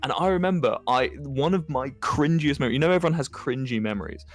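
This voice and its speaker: A man's voice: medium pitch, quick pace. A young British man chatting casually on a podcast and telling frank stories about his past mistakes, swearing freely. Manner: candid storytelling with frequent swearing. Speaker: podcast co-host.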